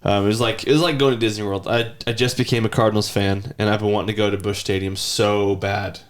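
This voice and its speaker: A man's voice: fairly low pitch, little pitch movement, quick pace. A man in his thirties telling rambling stories in casual podcast chat, sometimes mimicking a child's whiny voice. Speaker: podcast host.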